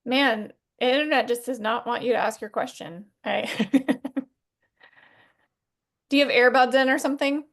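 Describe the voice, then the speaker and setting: A woman moderating a video call Q&A, briskly calling on people. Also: a little high, fairly bright tone. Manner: brisk and organizing.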